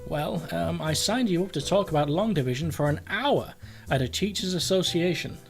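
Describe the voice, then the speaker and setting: A man's voice: on the high side, moderate pace, creaky, soft background music. A man reading as an eager woman aide. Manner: apologetic, eager. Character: eager young woman campaign helper. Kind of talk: reading a text game aloud.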